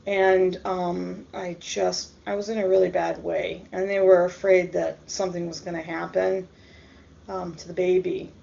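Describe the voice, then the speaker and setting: A woman telling a personal story in a casual, hesitant way, with many pauses and ums. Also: lowish voice, flat delivery, vocal fry, dark tone. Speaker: storyteller vlogger. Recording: dull lo-fi recording.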